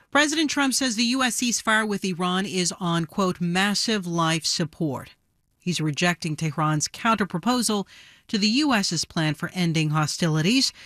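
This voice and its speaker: Guy reading headlines, measured and steady, voice sits high, dry close sound. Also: dry recording. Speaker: news anchor. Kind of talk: newscast reading.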